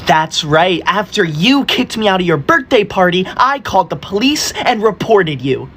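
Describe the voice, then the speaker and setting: A woman's voice: mid-range voice, sing-song, moderate pace, husky. A young woman performing a comedy skit to camera in a pushy, entitled and sarcastic way. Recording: loud music under the voice. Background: loud music.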